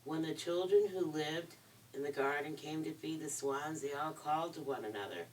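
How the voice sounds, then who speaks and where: A woman reading a children's story aloud in a gentle, expressive way. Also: deep voice, normal speed. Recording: distant mic, faint hiss.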